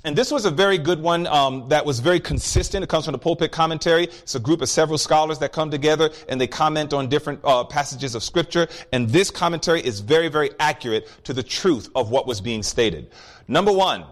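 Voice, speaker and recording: A man's voice: fairly high pitch, fast. A man preaching a sermon, teaching through scripture in an emphatic, storytelling way.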